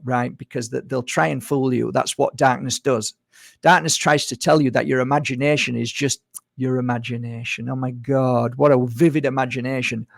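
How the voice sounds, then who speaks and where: Gravelly-voiced man musing on spirituality. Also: medium pitch, dry recording, studio quality. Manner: repetitive, conversational, mimics others in quick asides. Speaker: spiritual speaker. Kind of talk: reflective spiritual monologue.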